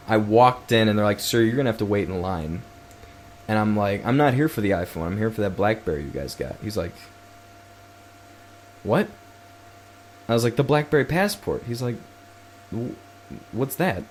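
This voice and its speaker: Man, solo podcast host, casual storytelling, swears a lot, restarts sentences, middle pitch, faint background noise. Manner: rambling, heavy swearing, frequent restarts.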